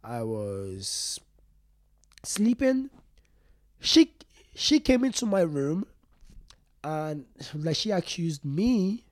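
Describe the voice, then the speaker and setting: A young man telling a personal story as an interview guest, rambling and halting with many fillers and restarts. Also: on the high side, sing-song, dry recording, studio quality. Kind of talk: casual interview talk.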